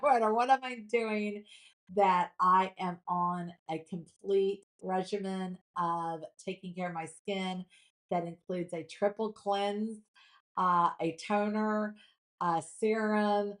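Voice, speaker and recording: A woman, hosting a live shopping show, chatty and gushing as she reads viewer comments aloud. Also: lowish voice. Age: 50s.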